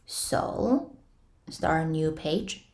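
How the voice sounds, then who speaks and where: A young woman with a slightly low voice gives a casual online Mandarin lesson at an unhurried pace. She explains patiently, step by step, with playful comparisons. She sometimes models a tone with a high, drawn-out syllable. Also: expressive. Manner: models tones with sudden high sung-out syllables. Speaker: Mandarin teacher.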